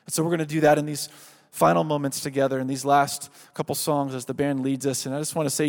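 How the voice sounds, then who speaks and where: A man preaching a sermon, earnest and building to loud calls, then leading a prayer. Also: fairly high pitch, flat delivery, fast. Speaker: pastor. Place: church sanctuary. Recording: reverberant hall.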